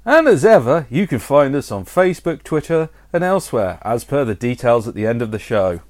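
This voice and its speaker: A man's voice: mid-range voice, big pitch swings, a little fast, darkish tone. A man co-hosting a podcast, talking in a jokey, self-deprecating way. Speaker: podcast co-host. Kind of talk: casual chat.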